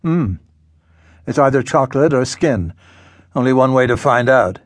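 A man's voice: mid-range voice, expressive, moderate pace, no echo, studio quality, natural voice. A male audiobook narrator voicing a middle-aged woman who teases her friend in an easygoing, wry way. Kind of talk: audiobook character voice.

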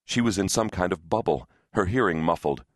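A man narrating an unabridged thriller audiobook in a steady, tense storytelling voice. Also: deep voice, brisk, no echo, clean studio sound.

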